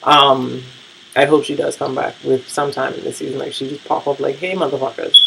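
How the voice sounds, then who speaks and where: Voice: mid-range voice, level tone, fairly quick, gravelly, a bit bright, a little hiss or hum, poor audio. A vlogger giving a casual, profane, rambling recap of the week's TV shows, full of fillers and blunt opinions.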